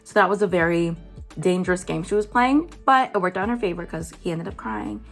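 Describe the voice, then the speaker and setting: A woman's voice: fairly low pitch, brisk, vocal fry, soft background music. Blunt chatty woman vlogger. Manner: chatty, blunt, filler-heavy with "like" and "um". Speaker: commentary vlogger. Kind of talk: casual commentary chat.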